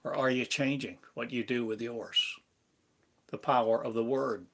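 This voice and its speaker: A man giving a meditative spiritual lesson, speaking in slow, repetitive, incantatory phrases. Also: medium pitch, fairly even intonation, gravelly, noisy background. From United States. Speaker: spiritual teacher.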